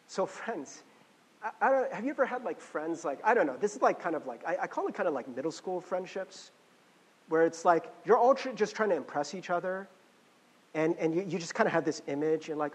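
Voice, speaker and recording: Male pastor, conversational sermon, high voice, long church-hall reverb. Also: moderate pace, husky. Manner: conversational, animated, many restarts and fillers.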